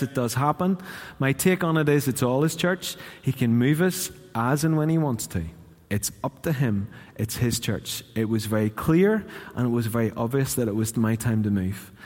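A man's voice: medium pitch, big-room sound. A man preaching a sermon in church, chatty and questioning his congregation. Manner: conversational, asks the congregation questions. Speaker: pastor.

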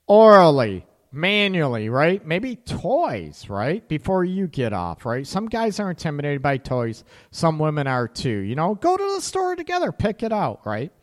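A man hosting a casual livestreamed relationship talk, speaking candidly, laughing at his own slips and tagging sentences with "right?". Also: medium pitch. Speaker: relationship talk show host.

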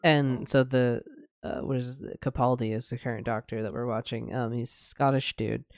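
A man's voice: medium pitch, normal speed, creaky, dry recording, studio quality. A man from the United States co-hosting a podcast, chatting casually with a hesitant, filler-heavy way of talking. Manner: relaxed, hesitant, many fillers, laughs easily. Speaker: podcast co-host. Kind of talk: casual discussion.

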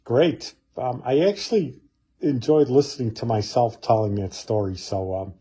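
A man hosting, chatting loosely and hesitantly with many pauses. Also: mid-range voice, husky. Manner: relaxed, hesitant with fillers. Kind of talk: casual chat.

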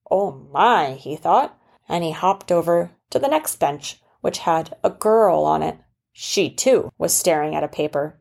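A mother narrating a children's story, explaining things gently and patiently. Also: lowish voice, gravelly.

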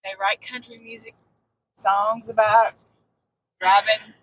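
Husky-voiced woman co-host. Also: medium pitch, flat delivery, slow, a bit bright, low-quality recording. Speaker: podcast co-host. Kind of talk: casual chat.

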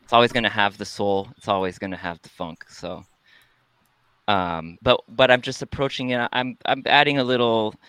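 Bright laid-back man musing playfully. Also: on the low side, fairly even intonation, moderate pace, clean tone, no room sound. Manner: laid-back, hesitant with many ums, playful. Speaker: musician guest. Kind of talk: casual podcast conversation.

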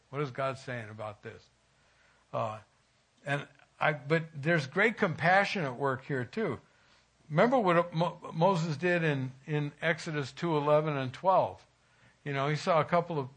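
A man's voice: mid-range voice, fairly bright tone. A middle-aged man giving an informal, conversational sermon at a church, folksy and chuckling at times as he tells stories. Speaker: church speaker.

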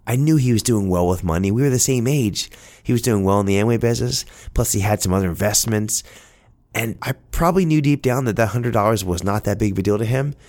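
A man's voice: on the low side, animated, fast talker, a little mellow. A man telling a personal story in an earnest, heartfelt, conversational way.

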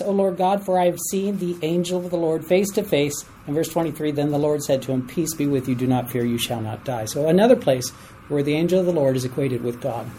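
A Bible study teacher running an interactive class in a room, animated and quick to chuckle, with a mellow, darker tone and a light hum of background noise underneath. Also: medium pitch, rough recording. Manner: animated, asks the class for readers, chuckles at stories.

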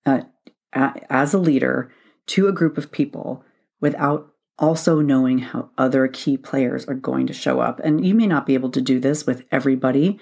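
Woman podcast host coaching listeners, steady instructive delivery that circles back to stress key points. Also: very deep voice, normal speed, gravelly. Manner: instructive, methodical, repeats points for emphasis. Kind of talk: solo advice podcast.

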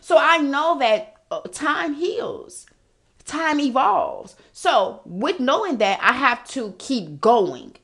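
Fired-up woman podcast host, higher voice. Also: takes it slowly, vocal fry. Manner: animated, profane, repetitive pep talk. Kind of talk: motivational talk.

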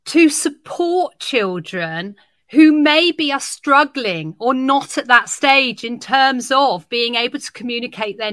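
With a high-sitting voice and no echo on the recording, a woman from early years education shares classroom stories in a podcast conversation. She is animated and performs the dialogue while she tells each anecdote.

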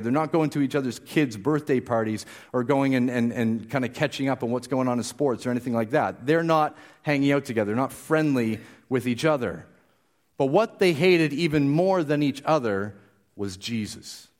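Animated man preaching a sermon. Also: mid-range voice. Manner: conversational, explanatory, with frequent restarts.

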